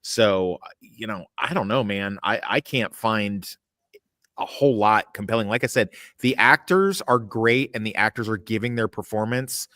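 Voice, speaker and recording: Low-voiced guy hosting a podcast, swears a ton, rambly blunt takes, dry close mic. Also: normal speed, sharp tone, no room sound. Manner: profane, rambling, blunt opinions. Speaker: podcast host. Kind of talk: casual podcast chat. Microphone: remote call mic.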